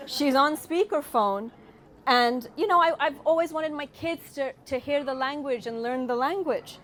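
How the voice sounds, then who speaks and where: A British-raised woman in her forties doing a stand-up set, with a British accent softened by California and a wry, punchline-driven way of telling stories. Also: sits high, normal speed, slight background noise. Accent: British with a slight Californian tinge. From United Kingdom. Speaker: stand-up comedian.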